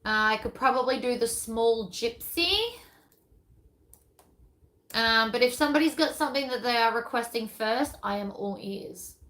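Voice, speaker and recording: A woman's voice: fairly high pitch, steady tone, moderate pace, a bit bright, poor audio. A woman, a pattern designer chatting casually and rambling as she thinks aloud during a live stream.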